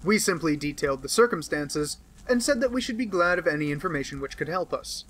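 A man's voice: a little high, expressive, brisk, a bit bright. A man reading an audiobook and voicing a stiff, businesslike police inspector who takes offence easily. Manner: businesslike report, touchy. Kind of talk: audiobook character voice.

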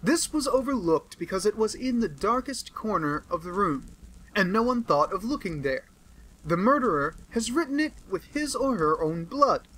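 A self-satisfied police detective crows over his find, pompous and triumphant, as a man puts him on for an audiobook. The voice sits high and rings bright and tense. He lectures his listeners as though sure of his own cleverness. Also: very animated, moderate pace, exaggerated voice, rough recording. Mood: boastful. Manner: boastful and triumphant. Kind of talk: audiobook character voice.

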